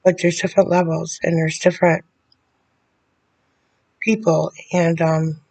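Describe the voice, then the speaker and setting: Flat-voiced bitter woman. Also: on the low side, vocal fry. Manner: bitter, confrontational, halting with restarts. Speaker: vlogger addressing a public figure. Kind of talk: direct-to-camera video letter.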